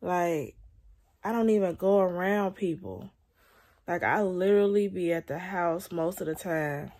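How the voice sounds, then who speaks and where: A young woman talks into her phone from bed at home, worn out and venting. Her voice sits a little low and she takes her time, with long, tired pauses. She sounds slightly congested. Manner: weary, venting, soft and drawn out. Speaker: vlogger. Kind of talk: casual confessional vlog.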